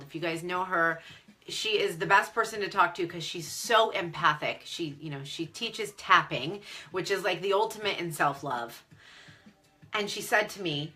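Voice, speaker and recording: Woman coach on a facebook live, bright voice, teary and candid, faint music behind. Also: on the low side, normal speed. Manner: emotional, near tears; animated, candid. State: tearful. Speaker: online business coach.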